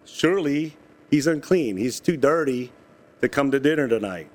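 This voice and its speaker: A man's voice: medium pitch, expressive, moderate pace, a little mellow. A man preaching a sermon, reading scripture and explaining it in a casual, conversational way with asides and jokes. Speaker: pastor.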